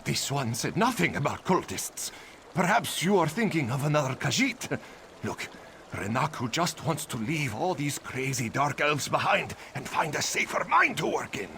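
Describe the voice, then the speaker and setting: Game role: sarcastic cat-folk miner, gravelly and tense, lively pitch, refers to himself in third person. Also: male voice, moderate pace, slight background noise, heavily acted. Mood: prickly. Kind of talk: video game voice acting.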